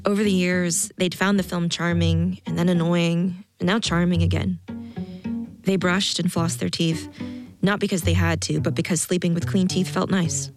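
A woman narrating a story in a calm, measured audiobook style. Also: lowish voice, vocal fry.

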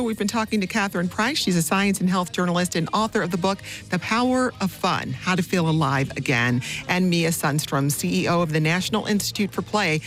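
A radio talk show host reading out a listener's message and briskly wrapping up the segment. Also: mid-range voice, fairly bright tone.

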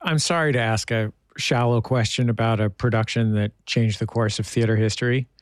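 A man's voice: mid-range voice, fairly even intonation, fairly quick, no echo. A male host from San Francisco leads a radio interview in an easy, conversational way, poking fun at himself as he goes. His voice sits in a middle register, close and dry. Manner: conversational, self-deprecating, laughs easily.

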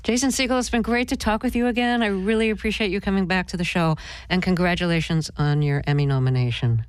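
Measured woman radio interviewer. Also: on the low side, clear, resonant tone, dry recording. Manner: measured, thoughtful questioning.

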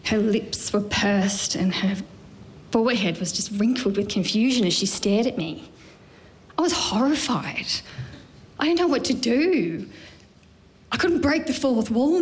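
A woman telling a lively, self-mocking personal story on stage. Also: mid-range voice, slight background noise.

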